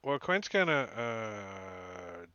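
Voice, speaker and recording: Man, player, lively pitch, bright voice, dull lo-fi mic. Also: very slow, clear, resonant tone, dry recording. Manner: animated, laughing, joking. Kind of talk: casual tabletop play.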